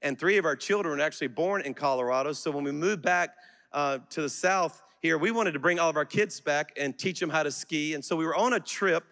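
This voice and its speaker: A middle-aged man preaching a sermon, telling a personal story that swells into fervent, shouted exhortation to the congregation. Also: fairly high pitch, fairly quick, creaky. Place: large auditorium church. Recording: long reverb of a large auditorium.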